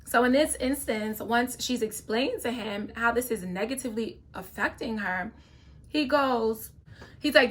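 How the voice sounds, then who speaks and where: A young adult woman, her voice a little high and a bit bright at normal speed, reacts to a reality show for her viewers. She's opinionated and casual, addressing the audience directly with lots of "okay?" thrown in.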